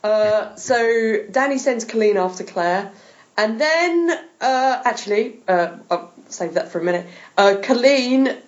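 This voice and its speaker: A woman's voice: on the high side, lively intonation, unhurried, lo-fi sound. A woman hosting a podcast, chatting with enthusiasm and laughing often. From England. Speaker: podcast host. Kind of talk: casual chat.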